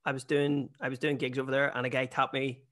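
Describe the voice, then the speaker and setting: A man's voice: medium pitch, flat delivery, fairly bright tone. Chatty Northern Irish comedian, man. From Northern Ireland. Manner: chatty storyteller, quick jokes. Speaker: stand-up comedian and podcast guest. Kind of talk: casual podcast chat.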